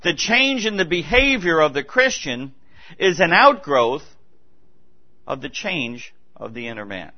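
A man's voice: on the high side, sing-song, measured pace. A man preaching a sermon in a church, earnest and emphatic, repeating his key points and restarting phrases as he goes. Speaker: pastor. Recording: dull lo-fi recording.

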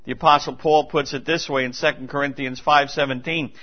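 A man's voice: medium pitch, fairly even intonation, a little fast. A man preaching a sermon in a church, earnest and emphatic, repeating his key points and restarting phrases as he goes. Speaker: pastor. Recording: dull lo-fi recording.

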